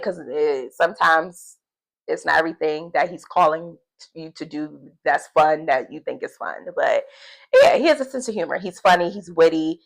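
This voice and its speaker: A woman talking casually in a devotional video journal, chatty and animated, often laughing and acting out quotes. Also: low voice, vocal fry, poor audio. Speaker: faith vlogger.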